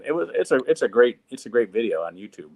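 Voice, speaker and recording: A man's voice: mid-range voice, big pitch swings, fast talker, gravelly, a little mellow, low-quality recording. A comedian talks loosely in a group chat and joins in on the jokes. He hums a theme tune along with the others. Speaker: comedian guest. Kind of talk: casual chat.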